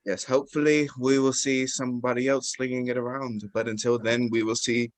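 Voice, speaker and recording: A man's voice: medium pitch, little pitch movement, brisk. A male guest speaking in an exaggerated fake British accent, poking fun at himself with dry humor. His voice sits in the middle range. It sounds close and dry, with no room echo. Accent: put-on British. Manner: jokey and self-mocking. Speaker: guest sportswriter.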